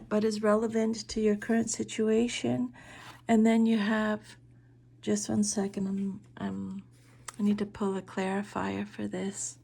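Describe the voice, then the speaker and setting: A woman reading tarot cards in an unhurried, mellow voice. Her pitch stays flat and even, and she talks softly, often stopping to hesitate before she goes on. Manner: soft-spoken, hesitant with frequent fillers. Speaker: tarot reader.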